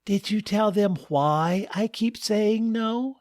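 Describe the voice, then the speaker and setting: A man putting on a high, scolding wife. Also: slow, a little mellow, dry recording, clean studio sound. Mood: chiding. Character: fussy middle-aged wife, skeptical and bossy.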